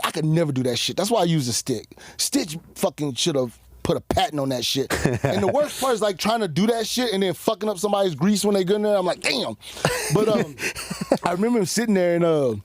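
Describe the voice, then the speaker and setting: A man telling stories as a podcast guest, animated and profane, laughing often as he talks. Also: on the high side, quick pace, dry recording, studio quality. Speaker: guest cutman. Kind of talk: casual podcast storytelling.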